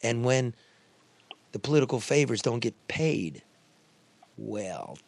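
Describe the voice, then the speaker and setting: A man's voice: mid-range voice, big pitch swings, slow pace, gravelly, a little mellow, slightly rough, no room sound. A man from Detroit hosting a talk show, blunt, profane and joking in casual chat.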